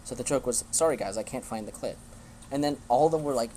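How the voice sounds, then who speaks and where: A man's voice: mid-range voice, fast, warm tone. Young male streamer, blunt, swearing rant, faint hiss behind. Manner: blunt, swears often, restarts sentences. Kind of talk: casual rant to a live stream.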